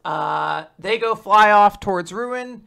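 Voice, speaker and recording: This co-host has a bright, forward voice and a mid-range pitch. They retell the story loosely, circling back with fillers and quick asides. It is casual, conversational podcast talk. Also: animated, creaky. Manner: rambling retelling, many fillers, laughs between lines. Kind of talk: casual manga recap chat.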